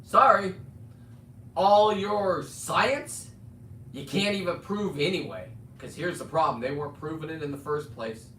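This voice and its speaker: A man's voice: on the high side, animated, brisk, few pauses. Middle-aged male streamer, blunt, rambling, off-mic in an echoey room. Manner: blunt, rambling, swears and restarts. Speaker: livestream host. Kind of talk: ranting livestream monologue. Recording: roomy sound, distant mic, faint ambient noise.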